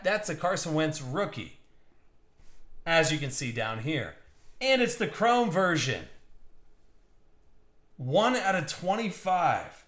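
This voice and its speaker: A man in his thirties hosting a live card break stream, excited and joking with viewers. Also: high-pitched. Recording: echoey room.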